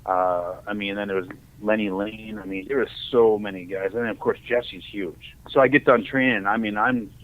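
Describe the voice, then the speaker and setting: A lower-voiced middle-aged man from Ohio rambles through his stories as a podcast guest, jumping into the voices of the people in them. His voice comes through thin and tinny, like a phone line. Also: normal speed. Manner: rambling, animated, acts out quoted dialogue. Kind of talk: casual storytelling.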